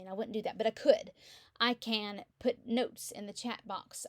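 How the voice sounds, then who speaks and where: A middle-aged woman, chatting casually from home through her computer mic as she walks through an online office, with animated storytelling. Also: on the high side, no room sound, studio quality. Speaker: real estate agent. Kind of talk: casual screen-share walkthrough. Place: quiet room at home.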